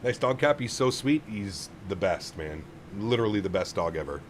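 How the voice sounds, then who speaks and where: A man talks his way through a live flight sim stream, reading chat aloud and fussing over his dog. His voice sits low but swings around a lot. A faint hum runs under it. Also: lively intonation, normal speed.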